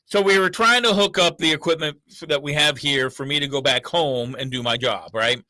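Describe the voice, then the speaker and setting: A middle-aged man tells a story on a casual morning show. He acts out both sides of his phone calls. His voice is high and bright, recorded close and dry. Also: brisk, no echo.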